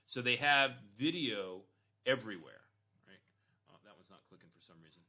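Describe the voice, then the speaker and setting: A man's voice: medium pitch, lively intonation, moderate pace, pushed and bright. A man talking casually while reviewing an online store, with frequent "right?" and "you know" and punchy emphasis. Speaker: e-commerce store consultant.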